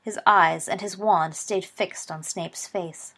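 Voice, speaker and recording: A woman narrating a story aloud in an expressive, brisk reading. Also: lowish voice, slightly rough.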